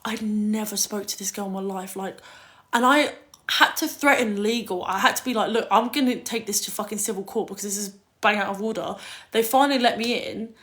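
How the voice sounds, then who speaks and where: A woman's voice: mid-range voice, brisk, fairly bright tone. A young woman from Kent, telling stories in a casual livestream chat, full of fillers and swearing. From Kent, England. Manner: chatty storytelling, lots of "like", swearing.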